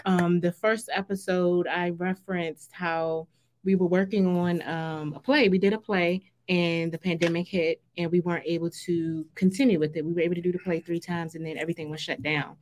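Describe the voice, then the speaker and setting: A woman's voice: lowish voice, level tone, normal speed, a little mellow, slight background noise. A woman co-hosting a live show, speaking earnestly with many fillers and faith phrases. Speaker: co-host. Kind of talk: casual live show chat.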